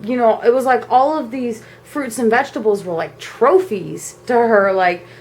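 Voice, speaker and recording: A young woman vlogger at home, telling a personal story in a casual, animated way. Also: fairly high pitch, normal speed, poor audio. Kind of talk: storytime vlog. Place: home at night.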